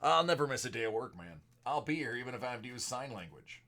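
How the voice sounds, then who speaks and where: A man's voice: medium pitch, fast. A man hosting a live card break, calling out player names as he opens packs, with a sore throat that leaves him short of breath and unable to project. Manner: rattles off card names, bursts of excitement at big pulls.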